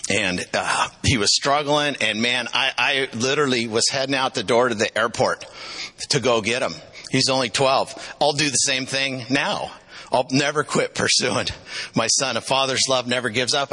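A man's voice: mid-range voice, bright, forceful tone, low-quality recording. A middle-aged man preaching a sermon, telling personal stories with emotional, repetitive emphasis. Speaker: pastor.

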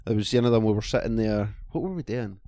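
A man's voice: on the low side, fast, dark tone, no echo. A man with a Scottish accent telling a rambling, profane anecdote in casual chat with friends.

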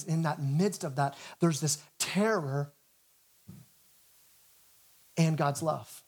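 A man's voice: fairly high pitch, takes it slowly, pauses often, husky. A man preaching a sermon as pastor in a church, earnest and often repeating words at the start of phrases.

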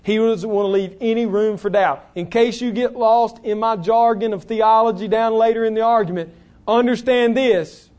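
A man preaches a sermon in a notably high voice. He is earnest and emphatic, leaning on slow, stressed phrases to drive each point home. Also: steady tone, darkish tone. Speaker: pastor. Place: church.

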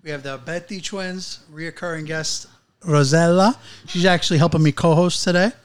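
A man's voice: a little high, fairly even intonation, normal speed. A man hosting a podcast in a playful, joking manner. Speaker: podcast host. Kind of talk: casual podcast chat.

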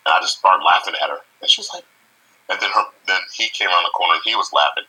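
Man, middle-aged, very deep, bright edge, casual storyteller, co-host. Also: very fast, slightly rough, rough recording. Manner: storytelling, laughs often, acts out quotes. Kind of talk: casual podcast chat.

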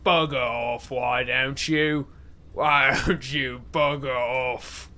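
Loud grumpy old aussie bloke, bright cutting voice, scolding and cursing, put on by a podcaster. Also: mid-range voice, steady tone, takes it slowly. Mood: angry ranting. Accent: put-on Australian.

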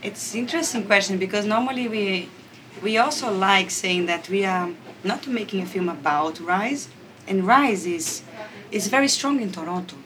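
A woman's voice: mid-range voice, moderate pace, fairly bright tone, a little hiss or hum. A woman filmmaker answering interview questions in a thoughtful, somewhat hesitant way.

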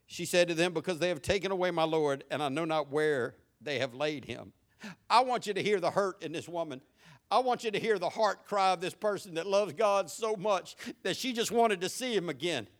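Male pastor, high voice, folksy sermon with fervent swells. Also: a bit bright. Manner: folksy, rising to fervent preaching.

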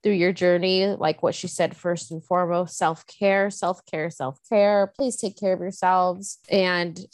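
A woman's voice: lowish voice, flat delivery, normal speed, dry recording. Woman podcast co-host, emotional and reflective. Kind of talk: casual podcast chat.

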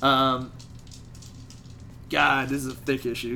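Bright-voiced man recapping comics. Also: fairly high pitch. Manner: retells scenes with quick put-on character voices. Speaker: podcast host. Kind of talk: casual comic book chat.

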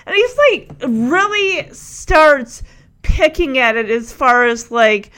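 A woman gives casual reaction commentary on a show she has been watching. Her voice sits high and moves a great deal, with animated swoops. She talks freely and laughs as she retells scenes. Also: a little slow. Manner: chatty, animated, laughs often. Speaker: show recapper.

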